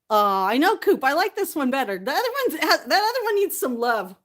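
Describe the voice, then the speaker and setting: Chatty woman vlogger with a high voice. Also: sing-song, normal speed, a bit bright. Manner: chatty, laughs often between lines. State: tearful. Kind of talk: casual chat to camera.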